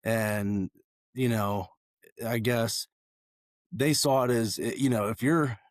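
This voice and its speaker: A man losing his voice, talking in a raspy, hoarse way with many fillers and restarts in a casual conversation. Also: mid-range voice, fairly even intonation, slow, dry recording, clean studio sound. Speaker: guest.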